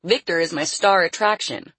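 A cool, businesslike circus showman with a low, husky, forceful voice, as a woman narrator puts him on. He gives orders calmly and firmly in a storybook reading. The sound is close and dry. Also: normal speed, no room sound, heavily acted. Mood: calm commanding. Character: smooth cigar-smoking circus showman, calm, commanding. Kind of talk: audiobook character voice.

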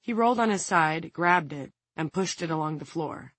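A woman giving measured, scripted audiobook narration. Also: deep voice, animated, a bit bright, husky, no room sound.

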